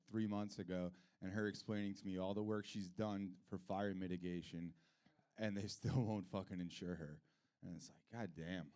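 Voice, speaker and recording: A middle-aged male comedian works through a loose stand-up set at a live comedy club. He swears freely and wanders between topics. His voice jumps from loud, high rants down to low, quiet mutters. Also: clear, resonant tone. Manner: profane, rambling, swings from loud rants to mutters.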